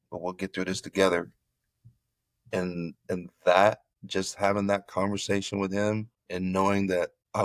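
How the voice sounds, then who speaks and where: A middle-aged man from Florida, a former football player, telling his story in an interview with animated, repeated phrases. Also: low voice, dry recording.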